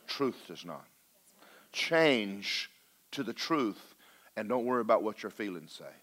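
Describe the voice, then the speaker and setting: A man preaching a sermon, folksy and joking, slowing down to stress his points. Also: lowish voice, big pitch swings, fairly bright tone. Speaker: pastor.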